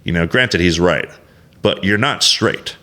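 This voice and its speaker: A man's voice: low voice, unhurried, pushed and bright. A man, a competitive bodybuilder, talking as a guest in a candid, rambling interview, blunt and heavily profane, acting out quoted dialogue and leaning on "you know" and "like.". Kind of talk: candid casual interview storytelling.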